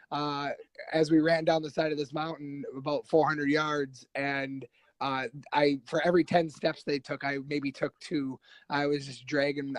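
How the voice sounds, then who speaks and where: A man guest on a podcast telling a war story casually, animated and profane, acting out what others said. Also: fairly high pitch, no room sound, low-quality recording. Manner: animated, profane, acts out quoted voices.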